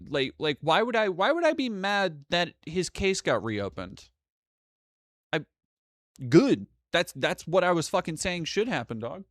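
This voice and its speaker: A man's voice: a little high, a bit bright, no echo, clean studio sound. A young man hosting a live stream, chatting casually and reading donations, rambling with frequent restarts and swearing. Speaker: streamer host.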